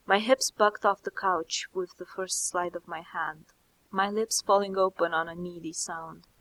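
Soft-spoken woman reading a story. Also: on the low side, steady tone, a little slow, rough recording. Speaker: audiobook narrator. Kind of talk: scripted first-person story narration.

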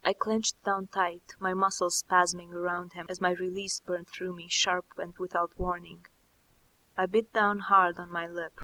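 A woman narrating a first-person story in a soft, slow, intimate reading. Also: fairly low pitch, flat delivery, low-quality recording. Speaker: audiobook narrator.

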